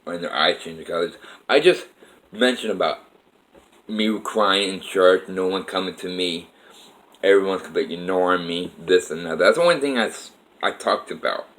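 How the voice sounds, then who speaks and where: Man, deeper voice, vlogger telling his life story: earnest, rambling, swears often. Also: fairly bright tone, rough recording. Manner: earnest, meandering, frequent profanity. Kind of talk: rambling personal monologue.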